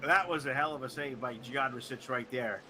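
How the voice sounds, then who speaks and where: A man's voice: mid-range voice, moderate pace, bright, forceful tone, faint music behind. A man calling a sim truck race as commentator, with joking, sardonic banter. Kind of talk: play-by-play sim racing commentary.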